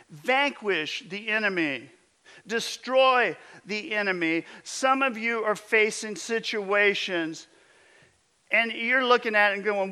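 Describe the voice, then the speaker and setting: Slow, bright-voiced male preacher. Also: smooth. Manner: emphatic preaching, drops to low intense tones. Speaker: pastor. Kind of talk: sermon.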